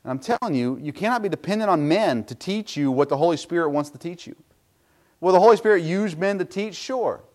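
A man's voice: fairly high pitch, lively intonation, fairly quick. A middle-aged pastor preaching a sermon in a folksy, self-deprecating way, with asides to his congregation.

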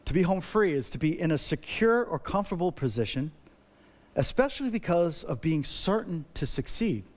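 A man's voice: fairly high pitch, big pitch swings, normal speed. A middle-aged male pastor preaching a sermon, emphatic and repetitive, building energy by repeating phrases.

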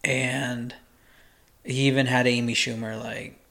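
A man with an ordinary mid-range voice talks through his thoughts on a casual podcast. He hesitates, restarts and fills pauses as he goes. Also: medium pitch, level tone, creaky, sharp tone. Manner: hesitant, rambling, many ums and restarts. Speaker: podcast co-host. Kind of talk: casual chat.

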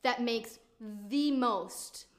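A woman's voice: on the high side, drawn-out words. A young woman co-hosting a podcast in casual chat, laughing often and swearing freely. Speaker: podcast co-host. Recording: roomy echo.

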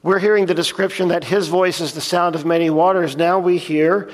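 A man's voice: sits high, steady tone, a little fast, hardly any pauses. A man preaching a sermon, earnestly reading scripture aloud and explaining it plainly. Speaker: pastor. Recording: long reverb of a large hall.

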